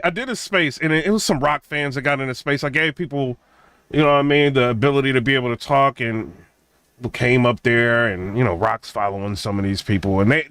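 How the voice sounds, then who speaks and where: Laid-back man rambling with lively pitch. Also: dry recording. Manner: laid-back, rambling, drawls "man" and "bro", laughs between points. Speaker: channel host reviewing a rap battle. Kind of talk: casual commentary to viewers.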